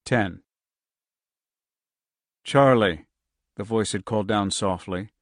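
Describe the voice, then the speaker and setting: A man narrates an audiobook with steady, tense pacing. His voice sits in a middle register. The recording is dry and close, with no room sound. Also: mid-range voice, moderate pace, creaky, dry recording.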